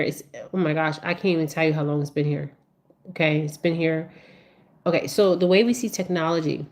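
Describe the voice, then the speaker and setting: A woman's voice: low-pitched, creaky, darkish tone. A woman giving a rambling spiritual talk in a casual monologue, checking in with "okay?" again and again. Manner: rambling, repeats "okay?" often. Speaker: spiritual speaker.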